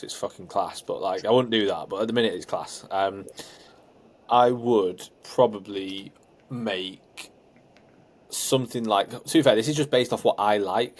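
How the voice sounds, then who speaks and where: A young man, co-hosting a podcast, laid-back and rambling with lots of fillers. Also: on the low side. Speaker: podcast co-host. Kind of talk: casual chat.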